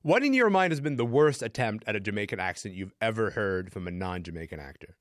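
Radio host guy, lively and questioning, dry studio mic. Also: on the low side, fast, no echo. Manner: animated, probing questions. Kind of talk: panel discussion.

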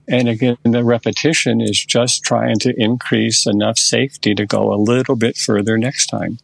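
An older man, a therapist guest in a podcast interview, who tells a session step by step in an unhurried, conversational way. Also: medium pitch, flat delivery, gravelly, slightly rough, no echo.

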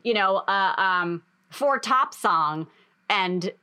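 A woman's voice: mid-range voice, animated, takes it slowly, bright, forceful tone, smooth. A woman co-hosting a podcast, chatting casually with frequent restarts. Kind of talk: casual chat.

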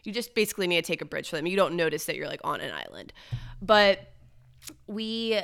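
A woman's voice: fairly low pitch, brisk, vocal fry, clean tone. A young woman, telling a rambling story in casual chat, a little nasal this morning. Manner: animated, rambling storyteller with lots of "like". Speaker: podcast co-host.

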